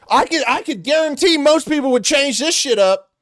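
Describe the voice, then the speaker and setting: A man's voice: very high-pitched, lively intonation, normal speed, a bit bright, no room sound, clean studio sound. A young man hosting angry reaction commentary, ranting in an exasperated way and swearing often. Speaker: commentary host.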